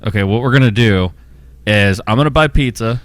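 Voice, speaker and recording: A laid-back man co-hosting a podcast. His voice sits a little low. The sound is dry, with no room echo. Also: brisk. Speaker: podcast co-host. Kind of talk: casual chat.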